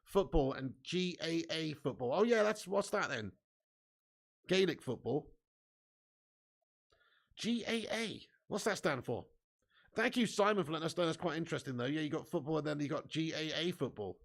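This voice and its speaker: A man hosting a live football watch-along, excitably commentating and reading out viewer comments with casual swearing. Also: fairly high pitch, normal speed, vocal fry, pauses often.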